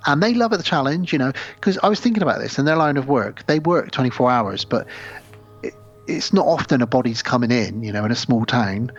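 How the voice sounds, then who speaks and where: A male podcast co-host walks through a horror film beat by beat in easygoing chat, slipping into the characters' voices as he goes. His voice sits at an ordinary middle pitch. The recording sounds dull and a little muffled. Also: lively intonation, fairly quick, faint music behind. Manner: retells a film scene by scene, acting out the characters' lines.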